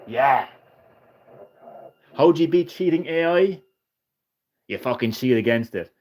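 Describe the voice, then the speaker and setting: A young man hosting a gaming livestream, giving live play-by-play commentary full of profane trash-talk and excitable jokes. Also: mid-range voice. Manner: brash, profane trash-talk aimed at the game; excitable, jokey, sometimes rushes his words.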